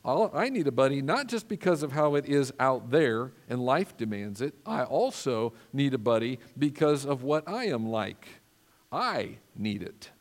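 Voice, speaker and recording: A man's voice: medium pitch, expressive, measured pace. A man pastor preaching a sermon in an earnest, emphatic way, asking the congregation for responses. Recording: long reverb of a church hall.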